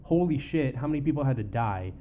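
A man's voice: mid-range voice, lively intonation, fast, phone-quality sound, a little hiss or hum. A man in his twenties from San Diego, co-hosting a podcast in loose, profane, joking banter. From San Diego, California. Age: 20s. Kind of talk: casual chat.

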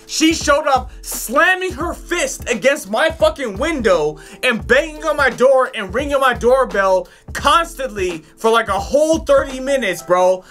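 A man, co-hosting a casual podcast, telling stories in an animated, profane way. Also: very high voice. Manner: animated storytelling, swears a lot, acts out voices loudly. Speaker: podcast co-host.

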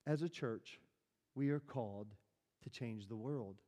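A male pastor speaks at a measured pace in a dark, medium-pitched voice. His sermon in the reverberant church hall is chatty and story-driven, with questions directed at the congregation.

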